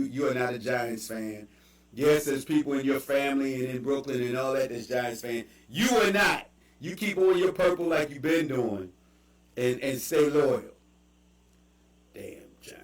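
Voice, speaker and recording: A man with a Baltimore accent hosting a casual chat, telling animated stories with quick asides. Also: medium pitch, far from the mic. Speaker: podcast host. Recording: echoey room, voice off mic.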